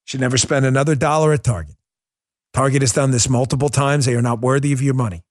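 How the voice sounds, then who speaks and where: A middle-aged man hosting a political commentary show, talking in an animated, mocking way with quick asides. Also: medium pitch. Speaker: host.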